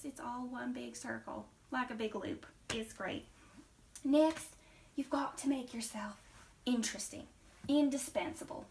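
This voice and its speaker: A woman acts out a self-assured acting coach with a put-on Southern accent, rattling off advice in a fairly high voice. She stresses each point and slips into quick whispered asides. Her voice sounds a little distant from the mic. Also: fairly bright tone, slight background noise. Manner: brisk, listy, emphatic with sudden drops to a whisper. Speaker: acting trainer in a class skit. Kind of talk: comedic skit interview.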